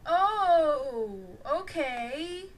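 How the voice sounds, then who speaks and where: A woman's voice: high voice, big pitch swings, extremely slow, slight background noise, voice pushed up, heavily acted. A woman voicing the hopeful spirit of a young woman, hesitant in her speech.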